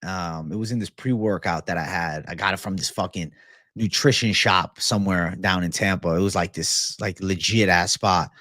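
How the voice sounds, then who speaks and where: A man's voice: deep voice, normal speed, pushed and bright, no room sound, studio quality. A young man hosting a casual livestream, swearing freely and calling everyone "bro" as he reads and answers chat comments. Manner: profane, loose, repeats "bro" constantly. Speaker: livestream host.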